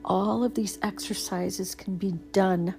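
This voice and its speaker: Slow, mellow-voiced woman guiding calm. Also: mid-range voice, vocal fry, faint music behind. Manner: slow, gentle, with soft pauses and fillers; drops to a whisper at times. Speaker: anxiety relief guide. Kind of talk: calming self-help guidance.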